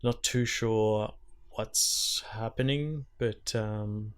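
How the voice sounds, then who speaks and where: A man's voice: on the low side, fairly even intonation, drawn-out words, clear, resonant tone. A man co-hosting a casual gaming podcast, rambling through stories with lots of "um" and "like". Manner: rambling, filler-heavy storytelling. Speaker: podcast co-host.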